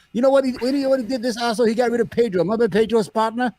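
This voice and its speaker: A man's voice: extremely high pitch, fairly even intonation, racing, hardly any pauses, dark tone, no echo. A man hosting a podcast, telling a story in a heated, profane casual rant. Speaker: podcast host. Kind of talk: casual current-events rant.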